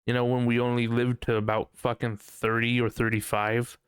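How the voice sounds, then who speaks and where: A man's voice: mid-range voice, flat delivery, normal speed, clean tone, dry recording, studio quality. A young man hosting a casual podcast, ranting profanely with a lot of laughter. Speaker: podcast host.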